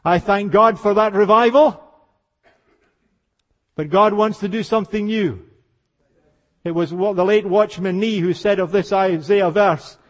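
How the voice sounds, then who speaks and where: An older man preaching a revival sermon, telling stories with passion and moving between hushed tones and exclamations. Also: high-pitched, unhurried, pauses often. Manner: impassioned storytelling, dropping to hushed tones then rising to exclamations. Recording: reverberant hall.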